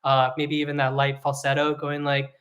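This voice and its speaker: A singing teacher giving an online vocal lesson, explaining technique in a relaxed way with frequent fillers. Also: mid-range voice, normal speed, lo-fi sound.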